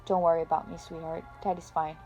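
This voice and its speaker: A woman's voice: low-pitched, level tone, fast talker, darkish tone, soft background music, voice pushed down, close to an everyday voice, low-quality recording. A woman voicing a stern, weary father who talks in cold, clipped words. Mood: soft tender. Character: stern grown man, a weary disappointed father.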